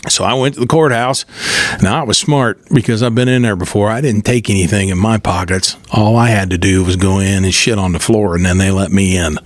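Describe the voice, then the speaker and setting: A man's voice: on the low side, fairly even intonation, fairly quick, no echo. A middle-aged man, hosting a podcast and telling a rambling, folksy story, raising his voice when he retells what people said. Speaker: podcast host. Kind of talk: casual storytelling monologue.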